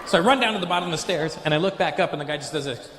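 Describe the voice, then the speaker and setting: A man's voice: a little high, rapid-fire. A man from Canada doing a stand-up comedy routine, telling a story animatedly and acting out accented voices of the people in it. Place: theater stage with an audience. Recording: echoey live venue with faint noise.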